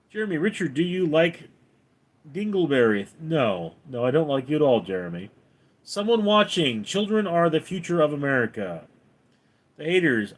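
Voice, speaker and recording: A man hosting a livestream, reading viewer comments aloud and answering them in a deadpan, offhand way. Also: on the high side. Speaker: livestream host reading chat. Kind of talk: casual livestream chat.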